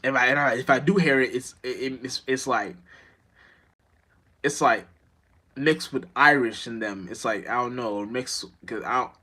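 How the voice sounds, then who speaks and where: A man's voice: medium pitch, moderate pace, bright, forceful tone, breathy edge. A man giving a casual, rambling monologue to his viewers. He swears a lot, stumbles over words, restarts often, and keeps checking in with his listeners. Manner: keeps asking "you know what I'm saying". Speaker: streamer.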